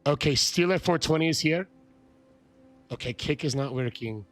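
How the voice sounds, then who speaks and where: A man live-streaming a game, chatting with viewers, shouting excited greetings and swearing. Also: fairly high pitch, moderate pace, soft background music. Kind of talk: live-stream chat while gaming.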